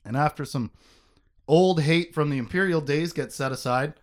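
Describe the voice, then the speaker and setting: A man hosting a casual book-discussion podcast, recapping the story with jokes and quick asides. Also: fairly high pitch. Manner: animated, joking, quick asides. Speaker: podcast host.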